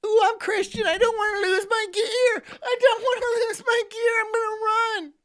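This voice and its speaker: A man putting on a high, whiny voice to mock a cowardly male gamer who is afraid to lose his gear. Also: little pitch movement, normal speed, fairly bright tone, faint music behind.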